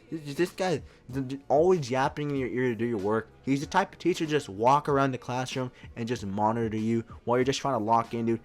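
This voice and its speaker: A man's voice: mid-range voice, expressive, a little fast, hardly any pauses, soft background music. Casual young man who keeps saying dude. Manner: casual, says dude constantly. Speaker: video host. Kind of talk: comedic tier-list commentary.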